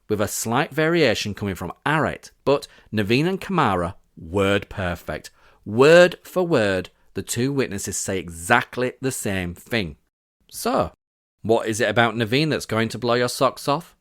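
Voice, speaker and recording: A man's voice: mid-range voice, very animated, moderate pace, a bit bright, no room sound, studio quality. A man from Britain hosting a scripted podcast, reading out witness quotes with sarcastic, indignant asides. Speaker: podcast host.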